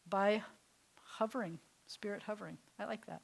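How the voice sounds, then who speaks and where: A woman's voice: medium pitch, moderate pace, creaky, poor audio. A woman rabbi teaching an adult Hebrew class, lingering on each word and sometimes dropping to a whisper. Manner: warm, playful, savors words, drops to a soft whisper for effect.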